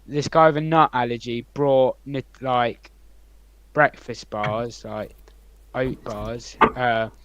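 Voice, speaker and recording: A young man co-hosting a podcast, rambling through anecdotes with many ums and likes and swinging between loud and quiet. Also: medium pitch, no room sound, low-quality recording. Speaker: podcast co-host. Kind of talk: casual storytelling chat.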